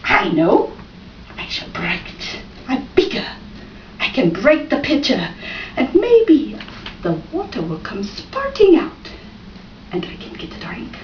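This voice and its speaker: A woman voicing a thirsty, fretful old male crow with high, loud, frantic cries in a storytelling performance. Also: very animated, slow. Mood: scheming. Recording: roomy, distant, dull and noisy.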